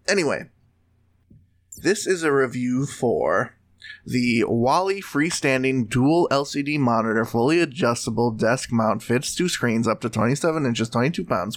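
A man co-hosting a podcast, chatting casually and joking, laughing often and restarting his sentences. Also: mid-range voice. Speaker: podcast co-host. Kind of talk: casual comedic chat.

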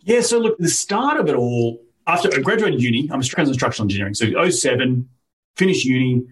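A man's voice: medium pitch, sing-song, brisk, a little hiss or hum. An upbeat Australian man in his thirties, a guest in a podcast interview, telling his story in a talkative way and laughing easily. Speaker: guest entrepreneur. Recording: voice a little distant from the mic.

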